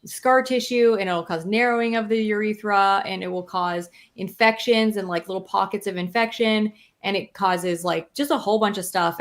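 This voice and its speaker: A woman co-hosting a podcast, talking in an earnest, thoughtful way with many fillers. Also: mid-range voice. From Canada. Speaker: podcast co-host. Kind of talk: casual chat.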